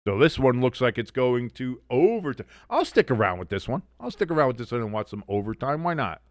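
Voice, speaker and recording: A man's voice: medium pitch, sing-song, fairly quick, no echo, clean studio sound. A man hosting a casual live sports watch-along, chatty, with sarcastic, mocking asides.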